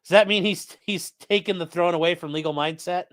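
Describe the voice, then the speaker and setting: A man's voice: high voice, steady tone, brisk, a bit bright. A man hosting a livestream, commenting on court filings in a mocking, profane way. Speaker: livestream host. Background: live chat stream.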